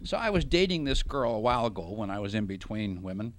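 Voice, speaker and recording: A man's voice: on the low side, very animated, fast, slight background noise. A middle-aged man hosting a radio talk show, telling a long joking anecdote in casual chat. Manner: jokey anecdotal storyteller. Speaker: radio show host, financial advisor.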